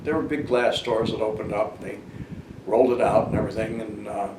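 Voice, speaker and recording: A man's voice: lowish voice, a little fast. Older man telling a rambling story. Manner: rambling, many fillers and restarts. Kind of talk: casual storytelling monologue. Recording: roomy and noisy, far from the mic.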